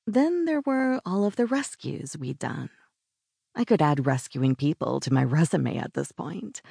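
A woman narrating a first-person romance audiobook in an intimate, breathy way that sometimes drops to a whisper. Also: sits low, mellow, no echo, studio quality.

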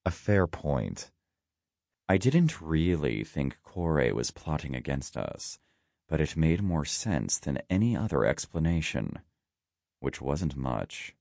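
A man with an extremely deep voice reads a first-person story in a wry, dry manner. His delivery is slow but melodic, rising and falling through the sentences. The recording is close and dry, with no room sound. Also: very animated, vocal fry, darkish tone, no echo. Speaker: narrator. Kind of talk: first-person audiobook narration.

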